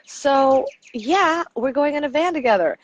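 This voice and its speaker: A woman's voice: sits high, unhurried, muffled recording, a little hiss or hum. A middle-aged woman from the United States, a coach, telling stories in a casual interview and acting out the people she quotes. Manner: animated storyteller, acts out quotes. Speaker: podcast guest, coach.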